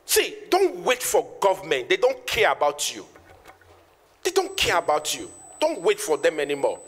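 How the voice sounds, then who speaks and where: Nigerian motivational trainer, man in his thirties; lively, swooping delivery that repeats lines for effect, in a reverberant hall. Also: on the high side, moderate pace, husky. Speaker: network marketing trainer. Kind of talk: motivational speech to an audience.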